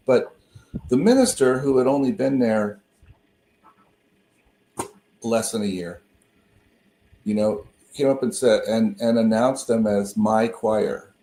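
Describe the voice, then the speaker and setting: A man talking over a video call in a roomy space with a mellow, dark tone. He rambles through personal stories, restarting phrases often. The sound is echoey. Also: mid-range voice, lively intonation, slow pace, pauses often. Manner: rambling, self-interrupting storyteller. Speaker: co-host and minister. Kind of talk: casual conversation on a call.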